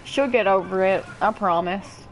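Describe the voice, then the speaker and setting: Kentucky woman in her twenties, loose foul-mouthed streamer chatter, mid-pitched. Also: moderate pace, slight background noise, low-quality recording. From Kentucky, USA. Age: 20s. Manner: profane, chatty, greets viewers by name. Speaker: game streamer. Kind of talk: casual gaming stream chat.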